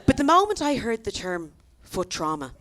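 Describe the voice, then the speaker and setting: A woman in her thirties with an Irish accent, performing a chatty, animated stand-up set on a comedy club stage, tossing quick asides to the crowd. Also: medium pitch. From Ireland. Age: 30s.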